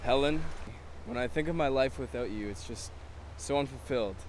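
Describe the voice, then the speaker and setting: Earnest young man in a sketch, mid-pitched voice, clear noise behind him. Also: normal speed. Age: young adult. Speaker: sketch performer playing a would-be fiancé. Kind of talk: sketch comedy acting.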